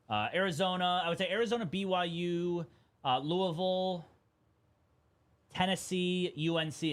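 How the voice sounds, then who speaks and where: A young man hosting a live card-breaking stream, chatting casually and getting excited at big pulls. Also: mid-range voice.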